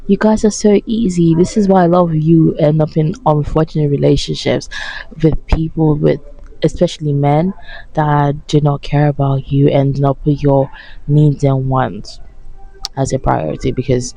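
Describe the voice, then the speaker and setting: A young woman vlogger rants sarcastically about a reality show, swearing and sounding tired. Her low, mellow voice has vocal fry and a moderate pace, captured in a dry, low-quality recording.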